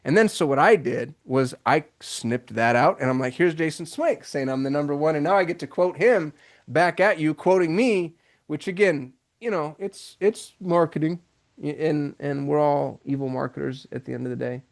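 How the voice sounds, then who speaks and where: A man hosting a live call-in business show, talking in an excitable, rambling way with many restarts over a video call. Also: fairly high pitch, normal speed, gravelly. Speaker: host. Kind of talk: casual live show chat.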